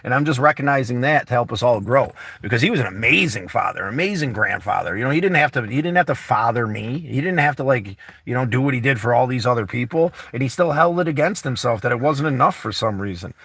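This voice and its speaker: A man's voice: mid-range voice, animated, fast talker, hardly any pauses, fairly bright tone, breathy edge, no echo. A man hosting a vlog, chatting casually with friends inside a camper van, rambling and candid, peppering his talk with "you know" and swearing. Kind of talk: casual chat.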